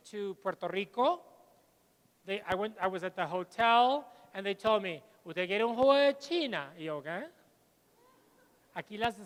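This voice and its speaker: A middle-aged man, giving a lively plenary talk to teachers and telling anecdotes. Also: high-pitched. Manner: lively, switches between English and Spanish, tells anecdotes. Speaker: conference speaker. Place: large lecture hall. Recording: long hall reverb.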